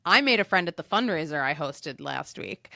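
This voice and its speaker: Bright, teasing woman co-host. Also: sits low, sing-song, vocal fry, dry recording, studio quality. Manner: quick, teasing banter. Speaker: podcast co-host. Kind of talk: casual comedy chat.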